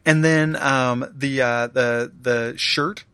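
A man's voice: mid-range voice, fairly even intonation, slow, pushed and bright, clear, resonant tone, dry recording. A man co-hosting a casual podcast, rambling with many restarts and laughing often. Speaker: podcast co-host. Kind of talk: casual chat.

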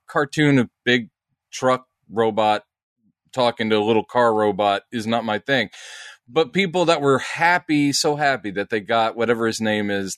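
A man's voice: mid-range voice, a bit bright, no echo, clean studio sound. A man co-hosting a podcast in casual chat, talking with many fillers and restarts. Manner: chatty, hesitant with many fillers. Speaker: podcast co-host.

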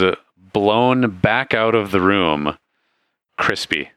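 Game master, man, deep and resonant, easygoing storyteller. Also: slow. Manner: relaxed, laughs often, loose storytelling. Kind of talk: narrating a tabletop game.

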